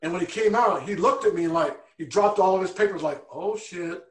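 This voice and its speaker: A man with a somewhat high voice recounts his life in an interview, earnest and lively as he acts out what others said to him. The room is echoey around him. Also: brisk. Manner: earnest, animated storyteller acting out quoted voices. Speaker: guest. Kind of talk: personal storytelling in an interview.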